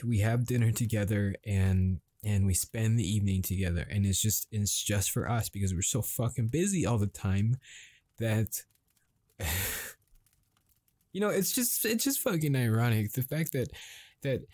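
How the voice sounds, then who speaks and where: In an improvised dramatic monologue, a man with a fairly low voice plays a frustrated husband arguing with his wife at dinner. He speaks haltingly and swears, building up to yelling. There's no echo.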